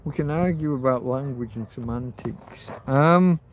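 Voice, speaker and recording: A man's voice: medium pitch, a little slow, slight background noise. A man hosting an informal livestream, ranting heatedly and swearing, with phrases repeated for emphasis. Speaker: livestream host.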